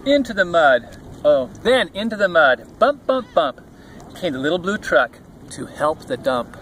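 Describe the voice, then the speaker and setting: A man's voice: a little high, animated, normal speed, a bit bright. An older man reading a picture book aloud to his grandchildren outdoors at a beach, playfully doing animal and truck sounds. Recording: faint outdoor background noise.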